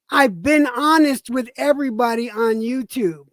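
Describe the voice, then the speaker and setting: Woman ranting in a slow, stammering tirade. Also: fairly high pitch, animated, a little mellow, no echo. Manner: profane, stammering repetitions. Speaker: streamer. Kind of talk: angry livestream rant.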